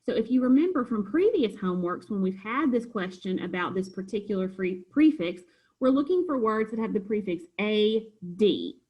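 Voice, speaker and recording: Patient teacher, female, slightly husky, explains homework answers one by one. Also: medium pitch, lively intonation, moderate pace, lo-fi sound. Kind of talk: recorded homework review lesson.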